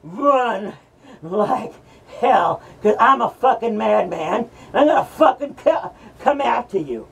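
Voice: mid-range voice, animated, takes it slowly, gravelly, slightly rough, far from the mic, full character voice, poor audio. A performer voicing a mocking male madman from hell who hosts a horror rant, taunting and cursing at the listeners. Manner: ranting, taunting, cackling, profane.

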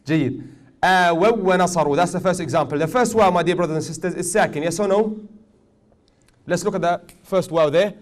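A man teaching a tajweed class, questioning his students often and joking gently. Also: fairly high pitch, brisk. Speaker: Quran recitation teacher.

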